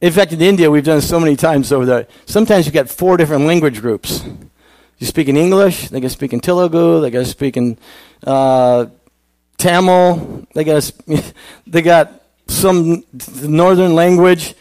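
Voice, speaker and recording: A man's voice: on the high side, moderate pace, a little mellow, no echo. A male pastor giving a conversational sermon, asking the congregation questions.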